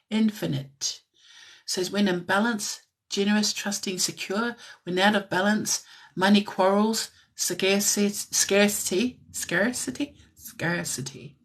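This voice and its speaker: A woman giving a live-stream tarot reading in a soft, musing way that drifts into whispers, with frequent light laughs. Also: mid-range voice, unhurried, slightly rough. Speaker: tarot reader.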